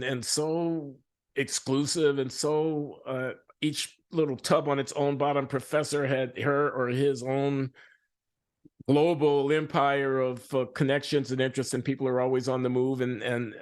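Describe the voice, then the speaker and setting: An older man speaking as an interviewee in a reflective conversation, pausing and restarting often and growing animated when he tells a story. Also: mid-range voice. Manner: halting, with many restarts and fillers, animated when retelling stories. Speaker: interviewed economist.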